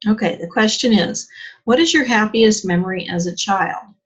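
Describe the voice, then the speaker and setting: A woman's voice: mid-range voice, lively intonation, moderate pace, husky. A woman teacher giving a chatty English exam lesson, asking rhetorical questions and using plenty of fillers. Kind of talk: online lesson. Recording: dull lo-fi sound.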